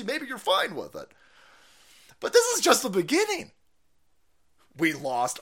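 Male streamer host, angry profane rant, high voice with big swings. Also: wildly swooping pitch, measured pace. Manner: angry, profane, shouting bursts. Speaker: livestream host. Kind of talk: ranting livestream commentary.

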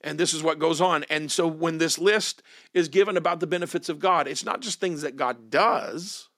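A man's voice: on the high side, moderate pace, fairly bright tone, no room sound, studio quality. A male pastor preaching a sermon, repeating key phrases and leaning hard on them for emphasis.

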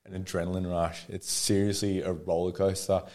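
A young adult man, a podcast guest telling stories casually, animated and laughing often. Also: low-pitched, brisk. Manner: animated, laughs often, acts out quotes in a raised voice. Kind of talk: casual storytelling.

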